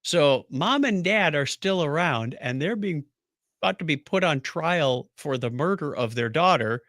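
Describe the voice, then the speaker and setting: With a fairly high, animated voice that's a bit bright, this man speaks at a measured pace. He co-hosts a podcast and rambles through a story in casual conversation, laughing frequently. The studio sound is clean, with no room sound.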